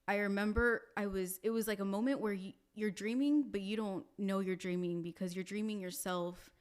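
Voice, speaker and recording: A woman with a mid-range voice recounts a personal experience in relaxed podcast conversation. She talks animatedly, with lots of "like" fillers. She slips into the voices of the people in her story as she quotes them. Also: mid-range voice, normal speed, clean tone. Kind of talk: casual storytelling.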